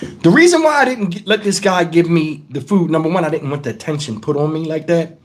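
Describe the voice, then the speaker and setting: High-voiced middle-aged man ranting on a livestream. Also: lively intonation, fairly quick, slight background noise. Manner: blunt, profane and shaken, addresses chat directly. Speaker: livestream host. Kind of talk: casual livestream talk.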